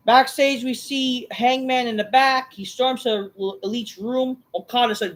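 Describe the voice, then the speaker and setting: A woman's voice: a little high, steady tone, measured pace, rough recording. A woman hosting a wrestling review, ranting through a recap in a sarcastic, dismissive way with constant swearing. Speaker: wrestling show reviewer, channel host.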